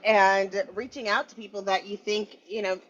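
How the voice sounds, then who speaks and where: A woman's voice: medium pitch, moderate pace. A woman co-hosting a podcast, chatting casually and telling stories with animation. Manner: animated, storytelling. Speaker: podcast co-host. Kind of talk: casual chat. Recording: dull lo-fi audio.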